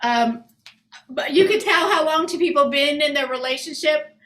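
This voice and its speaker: A woman's voice: high-pitched, moderate pace, fairly bright tone. A middle-aged woman performing a chatty, self-mocking stand-up set, slipping into voices of family members. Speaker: stand-up comedian. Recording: echoey room with background noise.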